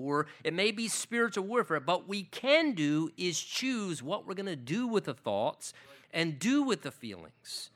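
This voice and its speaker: A man delivers a sermon in a high, ringing voice with a very bright, forceful edge. He preaches earnestly, leaning hard on key words and climbing to emphatic peaks. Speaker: pastor.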